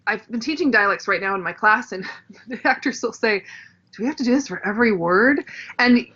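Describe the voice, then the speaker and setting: A woman's voice: on the high side, fairly quick, muffled recording. A woman, an actress and dialect coach, chatting casually as a podcast guest and acting out dialect sounds. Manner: animated, demonstrates dialect sounds, laughs often.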